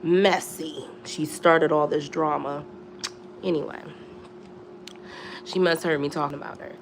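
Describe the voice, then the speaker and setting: A woman's voice: low-pitched, fairly even intonation, a little slow, noisy background. A young woman telling a storytime on a live stream at home, slangy and chatty, with many asides. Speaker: storytime vlogger.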